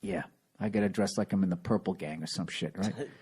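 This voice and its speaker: A man in his late forties telling profane, animated stories in a casual chat. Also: deep voice, brisk, husky. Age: 40s. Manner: profane, animated storytelling with acted quotes. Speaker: comedian podcast host.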